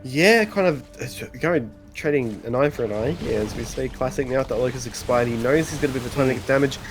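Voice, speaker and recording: A man casting a live strategy game in a relaxed, chatty way, half asleep, with many pauses and small laughs. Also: medium pitch. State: sleepy. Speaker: esports caster. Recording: faint game music underneath.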